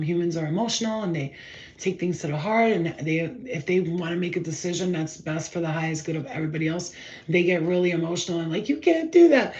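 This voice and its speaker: A woman giving a live spiritual tarot reading in a rambling, excited way. She swears casually and acts out her stories. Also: low voice, lo-fi sound.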